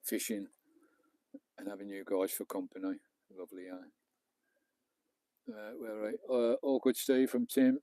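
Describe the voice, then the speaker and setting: Chatty Englishman with a mellow voice. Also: lowish voice, a little slow, long pauses, no echo. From England. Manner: chatty, swears casually, talks to viewers as he works. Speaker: vlogger. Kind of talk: casual live-stream chat. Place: outdoors on a beach and in his camper van. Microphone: small clip-on mic, distance varying.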